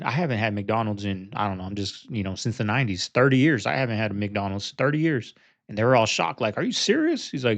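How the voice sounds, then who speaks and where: A man hosts a reaction video in a casual, rambling way. His voice sits at a middle pitch, and he keeps stopping and restarting his sentences. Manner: rambling, many fillers and restarts. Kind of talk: casual commentary.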